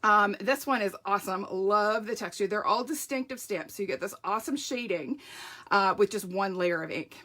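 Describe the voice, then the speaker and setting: Bright-voiced chatty woman. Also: medium pitch, moderate pace. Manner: chatty, upbeat, greets viewers by name. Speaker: stamping craft demonstrator, host. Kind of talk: casual live craft demo chat.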